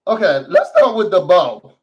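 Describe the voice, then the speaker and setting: A man's voice: high voice, wildly swooping pitch, moderate pace, distant mic, lo-fi sound. A man hosting a casual recap vlog, talking to his viewers in a sassy, theatrical way. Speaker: show recap host.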